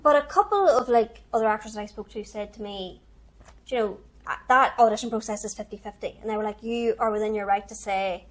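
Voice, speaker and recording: A young actress, a guest in a casual chat, recounting experiences earnestly and agreeing often. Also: female voice, medium pitch, fairly quick. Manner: earnest, reflective storytelling with frequent agreeing.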